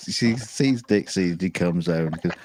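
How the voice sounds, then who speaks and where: A man's voice: sits low, lively intonation, moderate pace, warm tone, a little hiss or hum. A man in casual chat, telling a rambling story and laughing his way through it. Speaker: show regular.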